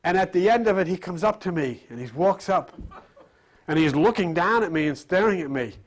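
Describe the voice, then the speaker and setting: A man's voice: high voice, lively intonation, a little fast. A man giving a live spiritual lecture to an audience, rambling and conversational, with jokes and rhetorical questions.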